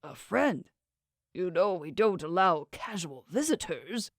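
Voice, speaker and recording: A woman voicing a suspicious male research station chief in an audiobook, without lowering her voice much. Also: big pitch swings, unhurried, dry recording, clean studio sound, full character voice. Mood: guarded. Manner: guarded, suspicious. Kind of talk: audiobook character voice.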